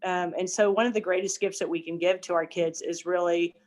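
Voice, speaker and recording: A woman's voice: lowish voice, fairly even intonation, a little fast, a little mellow. An older woman, a family counselor, explaining parenting ideas in an earnest casual discussion. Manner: earnest, explanatory, some restarts.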